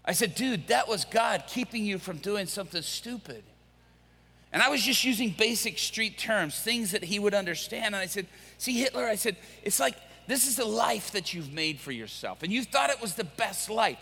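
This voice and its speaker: A male pastor preaching, telling a story with lively acted-out quotes. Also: high voice, moderate pace, creaky, breathy edge. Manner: animated, acts out quoted voices. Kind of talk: sermon storytelling. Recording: echoey hall.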